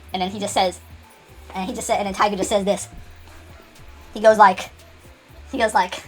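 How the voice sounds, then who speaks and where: A woman's voice: mid-range voice, fairly even intonation, moderate pace, pauses often, breathy edge, soft background music. A woman telling an unscripted comedic story, rambling with many restarts and laughs.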